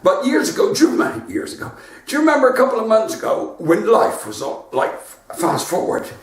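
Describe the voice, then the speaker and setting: A West Country comedian talks and laughs his way through a home live stream. His voice sits high and swings all over the place. He is heard from a few feet off, in a room full of echo. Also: big pitch swings, a little fast, far from the mic. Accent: West Country English. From West Country of England. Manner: chatty, laughs at his own jokes.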